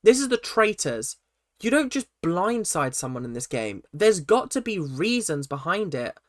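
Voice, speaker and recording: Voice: medium pitch, normal speed, dry recording. Exasperated vlogger ranting, dry sound. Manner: exasperated, animated ranting with frequent restarts. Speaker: reaction vlogger. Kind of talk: ranting reality-show recap.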